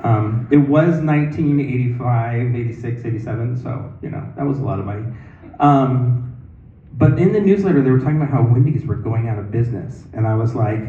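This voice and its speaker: A man's voice: mid-range voice, a little fast. A man in his fifties doing rambling open-mic stand-up with lots of fillers and restarts. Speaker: stand-up comic. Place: comedy club stage. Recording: distant, roomy, tinny phone-like recording.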